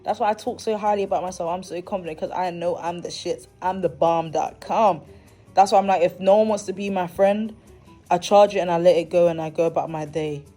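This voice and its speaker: Candid young woman with a mellow voice. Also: lowish voice, fairly quick, soft background music. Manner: candid, animated, slangy, with dramatic asides. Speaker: podcast host. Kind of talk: casual monologue.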